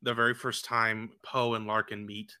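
A man's voice: fairly low pitch, little pitch movement, moderate pace, pushed and bright, clean tone. A man co-hosting a casual movie podcast, animatedly retelling scenes and laughing. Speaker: podcast co-host.

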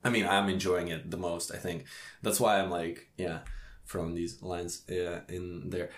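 Man, low voice, casual chat, self-mocking, laughs a lot, roomy echo. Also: level tone, normal speed. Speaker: comedy show host. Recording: echoey room.

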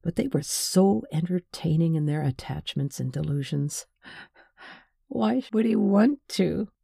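Audiobook narrator, woman, slow measured read, husky gravelly tone. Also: sits low, animated, dark tone, no room sound, studio quality. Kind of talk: scripted narration.

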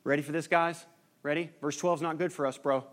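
A man preaching a sermon as pastor, lively and teasing with his congregation. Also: fairly high pitch, quick pace.

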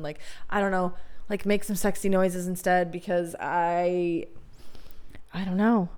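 With a fairly low, darkish and clean voice, a young woman hosts a podcast and tells frank stories laced with profanity. Her casual monologue is candid, and she laughs a lot.

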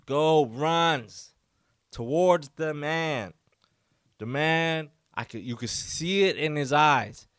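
A man's voice: a little high, slow, fairly bright tone, smooth, dry recording, studio quality. A man hosting a solo podcast, telling a story casually and loosely, with lots of fillers and quoted voices. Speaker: podcast host.

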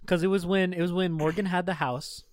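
A man's voice: high voice, steady tone, a little fast, crowd noise. A man in his twenties chatting casually, swearing freely and telling stories with frequent laughs. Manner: profane, storytelling, laughs often. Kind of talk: casual chat.

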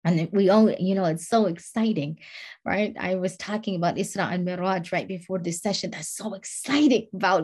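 Woman religious teacher, low husky voice, earnest, repeats phrases for emphasis. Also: normal speed, a little mellow. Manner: earnest, repetitive, builds emphasis by repeating words. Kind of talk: devotional talk.

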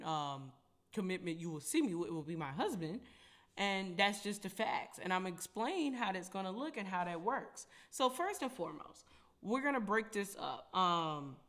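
A woman's voice: medium pitch, fairly bright tone. A young adult woman hosting her own podcast, talking in a casual, preachy way and addressing her listeners as y'all. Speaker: podcast host. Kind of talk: casual faith talk.

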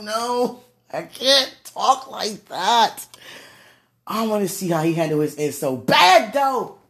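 Giggly woman with a gravelly voice. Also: on the low side. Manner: giggly, gushing, breathless exclamations. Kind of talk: casual talk to camera and prayer.

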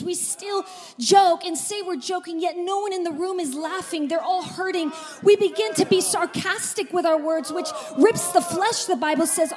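A woman pastor preaching a sermon to a congregation in a church, with energetic, emphatic delivery and repeated phrases. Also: extremely high pitch. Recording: reverberant church hall.

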